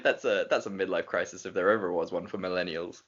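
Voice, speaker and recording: A young man co-hosting a podcast in casual chat, animated and rambling with jokes, talking from a small spare office cupboard. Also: sits low, fast talker. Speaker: podcast co-host. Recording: dull lo-fi sound.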